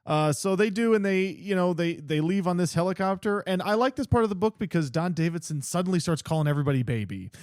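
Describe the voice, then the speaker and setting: A man co-hosting a casual book podcast, retelling the plot with lively voices for the characters. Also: quick pace, few pauses, no echo, clean studio sound. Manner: animated retelling, acting out characters with pitch swings. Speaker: podcast co-host. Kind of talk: casual book club chat.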